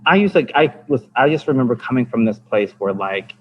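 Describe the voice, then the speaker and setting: A man's voice: medium pitch, expressive, a little fast. A man and dance teacher on a podcast chatting casually, rambling with lots of fillers and restarts. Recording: slightly dull lo-fi with faint ambience.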